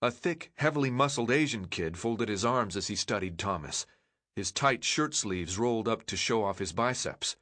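Expressive male audiobook narrator. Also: fairly low pitch, normal speed, no echo. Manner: expressive storytelling.

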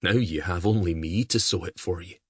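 A man voicing a cheerful, teasing medieval brother who speaks in a lively, jesting way. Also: sits low, moderate pace, husky, dry recording, clean studio sound.

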